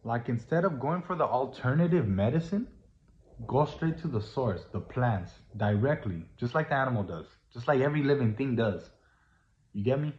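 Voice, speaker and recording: A man's voice: mid-range voice, animated, moderate pace, a little mellow. Preachy man in an echoey room. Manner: preachy, earnest, repetitive, rising to emphatic. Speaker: vlogger. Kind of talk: casual monologue. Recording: roomy, dull lo-fi sound.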